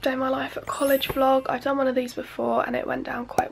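High-voiced, gravelly British girl vlogging. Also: level tone, fast talker, hardly any pauses, slight background noise. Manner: chatty, rambling, frequent "like" and "so yeah". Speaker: student vlogger. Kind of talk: casual vlog chat to camera.

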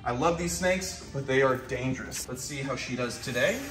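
A man's voice: mid-range voice, moderate pace, a bit bright, faint music behind. A young man hosting a wildlife vlog, narrating casually as he works with animals and cooing to them in baby talk. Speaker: wildlife keeper and vlog host.

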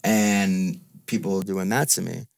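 A man's voice: low-pitched, fairly even intonation, slow, gravelly, darkish tone, no echo, clean studio sound. A man venting in a frustrated, repetitive, profane way in a casual podcast chat. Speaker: podcast guest.

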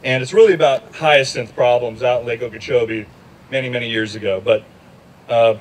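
A man's voice: mid-range voice, fairly quick, rough recording. A man, a journalist, speaking wryly and conversationally before reading aloud to a rally crowd. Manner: wry, conversational. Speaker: outdoors journalist. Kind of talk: speech with reading. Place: outdoors at a riverside lock.

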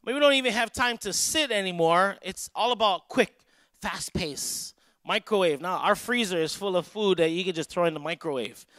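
A man delivers a sermon with a somewhat high-pitched voice. He tells stories with quoted dialogue and then builds to emphatic, raised peaks. The sound is dry, with little room echo. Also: animated, moderate pace, pushed and bright. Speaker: pastor.

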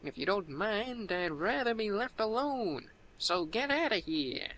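A man's voice: high voice, expressive, a little slow, sharp tone, heavily acted. A man voicing an angry, rude young gangster who talks in a brash, insulting way. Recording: distant game audio, faint noise.

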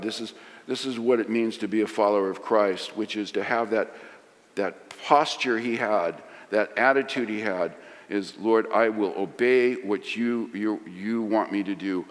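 A middle-aged man preaching a sermon, swinging from loud emphasis to hushed lines. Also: fairly low pitch. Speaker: pastor. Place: large church sanctuary. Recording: long hall reverb.

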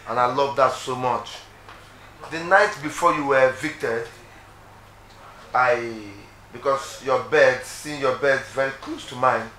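A man's voice: mid-range voice, pushed and bright. A man giving an affectionate, earnest tribute to a departed friend on a reality show. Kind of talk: heartfelt video tribute. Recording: echoey room with faint noise.

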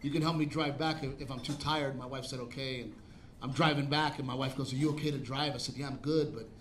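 A man's voice: medium pitch, fairly even intonation, fast talker, a bit bright. A man doing a stand-up comedy set, telling a brash, profane story and acting out quotes on a club stage. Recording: live club recording with crowd laughter and noise.

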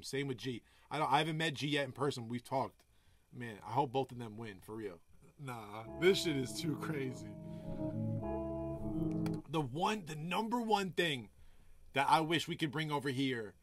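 A man producer chatting casually on a live stream, telling loose stories full of swearing and giving hyped shout-outs to viewers. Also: medium pitch, slight background noise. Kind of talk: casual livestream chat. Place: home music studio.

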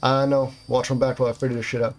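A man's voice: mid-range voice, level tone, very fast, faint music behind. A man playing a video game, reading its text aloud and reacting casually to the fights. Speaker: gameplay commentator.

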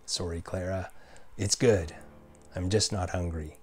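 A man voicing a weary, troubled frontier father in a spoken story, talking in a subdued, quiet, gently low way. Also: fairly even intonation, a little slow.

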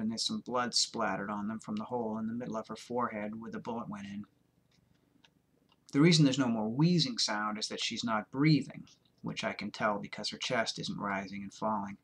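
A man reading his own first-person literary fiction aloud in a deadpan, rambling manner. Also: lowish voice.

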